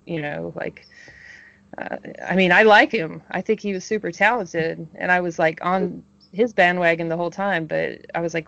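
A woman's voice: fairly low pitch, fairly even intonation, moderate pace, gravelly, no echo, highs cut off. A woman hosting a podcast in casual chat, talkative and full of "like" fillers, laughing often. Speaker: podcast host.

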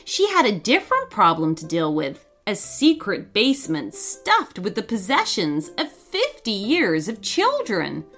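A woman storyteller giving an expressive, dramatic reading of a children's story. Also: mid-range voice, a little slow, few pauses, faint music behind.

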